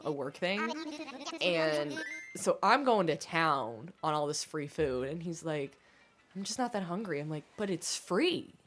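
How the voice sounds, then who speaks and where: A woman from the United States chatting casually while she livestreams a video game. She rambles, pokes fun at herself, and fills her sentences with "um" and "like". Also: deep voice. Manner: chatty, rambling, self-deprecating, many fillers. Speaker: gaming livestreamer. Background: game music.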